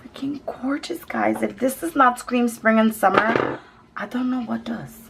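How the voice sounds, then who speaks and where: Woman beauty vlogger, gushing and chatty, higher voice, casual home video. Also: fairly even intonation, moderate pace, gravelly, fairly bright tone, slight background noise. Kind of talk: casual makeup swatch vlog. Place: home, children nearby.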